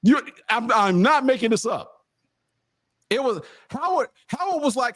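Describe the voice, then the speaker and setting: A man from California telling a story in casual podcast chat, animated and emphatic, insisting he is not making it up. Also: very high-pitched, unhurried, dry recording, clean studio sound. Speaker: sports podcast roundtable co-host.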